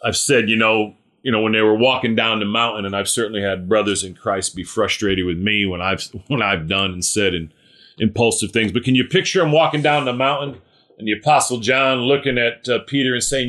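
A man's voice: fairly low pitch, fairly quick, fairly bright tone. A man leading a small-group Bible study, earnest and conversational, often checking in with his listeners.

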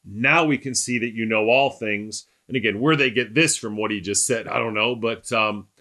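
Emphatic, bright-voiced male Bible teacher. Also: on the low side, moderate pace. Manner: emphatic, keeps checking in with "right?"; rhetorical questions to listeners.

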